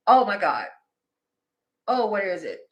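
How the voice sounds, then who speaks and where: A woman, doing a casual livestream tarot reading and talking straight to her viewers in a chatty, animated way. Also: medium pitch, measured pace, muffled recording. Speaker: tarot reader.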